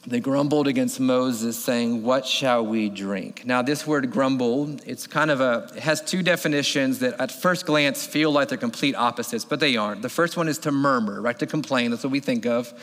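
A man in his thirties preaching a sermon as a pastor, telling the story with animated delivery and acting out voices. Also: medium pitch, moderate pace, few pauses. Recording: long hall reverb.

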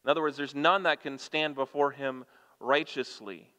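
A man's voice: medium pitch, fairly even intonation, moderate pace, bright, forceful tone, clean tone. A man preaching a sermon as a pastor. He reads scripture aloud with rising emphasis and puts questions to the congregation. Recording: long reverb of a church hall.

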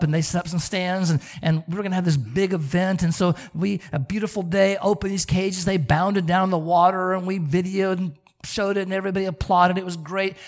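A male pastor preaching a sermon, telling stories with an animated manner and often repeating words. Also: high voice.

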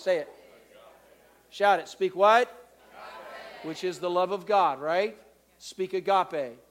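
A man preaching a sermon to a live congregation, swinging between loud, drawn-out preaching and soft, close talk, and leading the room in call-and-response. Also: high-pitched. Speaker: pastor. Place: church in front of a live congregation.

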